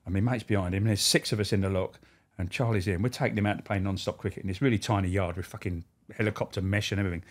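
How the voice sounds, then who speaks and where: A man, a former prison officer, telling profane, animated stories as a podcast guest. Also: sits low, very fast. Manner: animated, profane, laughing storyteller. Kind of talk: anecdotal storytelling.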